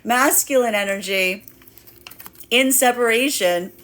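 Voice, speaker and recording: A woman's voice: on the high side, slow pace, fairly bright tone. A woman giving a spiritual tarot reading, talking in repetitive, circling phrases with many restarts and slipping now and then into playful acted asides. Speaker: tarot reader.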